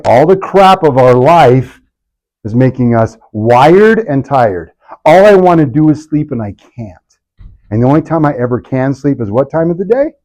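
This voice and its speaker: Speaking to a live crowd in a clinic event room, a man keeps his health workshop lively by asking the room questions and mimicking patients' complaints for laughs. His pitch is fairly high, and the recording is rough.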